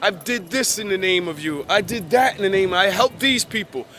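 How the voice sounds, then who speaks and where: Self-righteous churchgoer, pleading, mock-pious, high, a man doing the voice. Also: moderate pace, bright, forceful tone, slight background noise.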